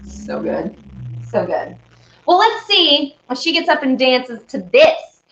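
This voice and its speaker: A woman's voice: high-pitched, wildly swooping pitch, slow, fairly bright tone, slight background noise. A woman from Oklahoma with a Southern accent, a singer and host chatting casually with viewers between songs and answering their comments. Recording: lo-fi with ukulele playing. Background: ukulele music.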